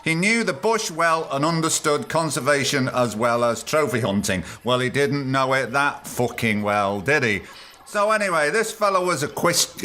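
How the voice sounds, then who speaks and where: A man's voice: mid-range voice, animated, normal speed, bright, forceful tone. A man hosting a podcast, giving irreverent, sarcastic, rambling comic commentary on news stories. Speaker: podcast host.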